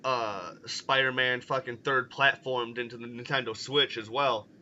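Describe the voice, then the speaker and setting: A man's voice: medium pitch, steady tone, measured pace, sharp tone, lo-fi sound, slight background noise. A man from the US Midwest with a Chicago-area accent, nasal and getting over a cold, hosting a loose, profane casual chat. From Illinois, US Midwest. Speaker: podcast host.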